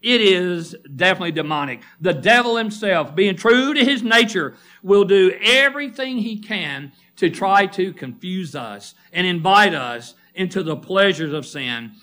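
A man's voice: sits high, expressive, measured pace, hardly any pauses, sharp tone. A middle-aged male preacher giving a sermon, emphatic, firing questions at the congregation and calling listeners by name.

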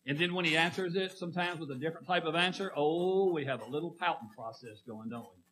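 A man's voice: on the high side, quick pace, a bit bright, poor audio. A middle-aged man preaching a sermon in a folksy way, often putting questions to the congregation.

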